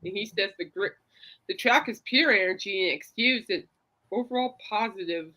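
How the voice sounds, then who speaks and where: Bright-voiced woman hosting a chatty podcast. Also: mid-range voice, moderate pace, poor audio. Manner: chatty, reassuring, rambling. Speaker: podcast host. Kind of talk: casual chat.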